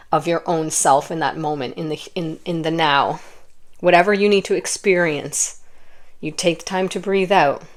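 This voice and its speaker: Soft-spoken woman giving a card reading. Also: deep voice, creaky. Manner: gentle, rambling, many fillers and restarts. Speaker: tarot card reader. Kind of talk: intuitive pick-a-card reading.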